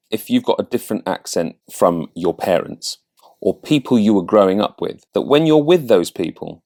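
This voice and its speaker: A man's voice: on the low side, a little mellow. A man accent coach, raised in Canada, speaking neutral British English in a reflective, easygoing talk to camera. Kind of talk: talking to camera.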